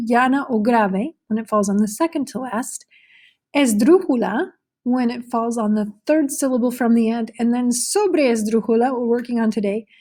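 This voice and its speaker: A woman teacher talks her students through a recorded lesson, explaining patiently and pausing on fillers as she goes. Her voice sits a little high, with a mellow, warm tone and a slightly husky edge. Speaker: Spanish teacher.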